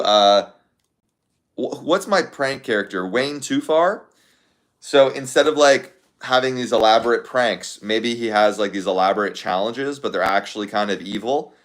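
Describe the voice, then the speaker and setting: A man's voice: medium pitch, a bit bright. A young man casually chatting to his viewers, thinking aloud in a rambling way with lots of fillers. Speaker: content creator.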